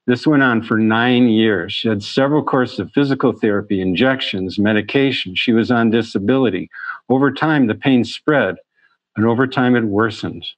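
A man's voice: mid-range voice, normal speed, dry recording, lo-fi sound. A man, a physician, giving a talk on chronic pain and telling patient stories in an earnest way, often restarting his phrases. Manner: storytelling, earnest, with frequent restarts. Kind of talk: presentation.

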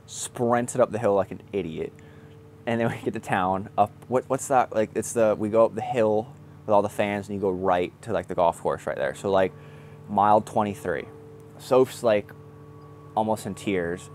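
A young man, a triathlete, telling his race story in a casual, excited way, laughing often and swearing now and then. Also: on the low side, slight background noise.

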